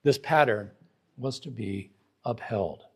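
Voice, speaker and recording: A male preacher delivers a Bible lesson on syntax in sermon style, with emphasis and frequent rhetorical questions to the audience. His voice sits in the mid-range and is slow and creaky, with a breathy edge.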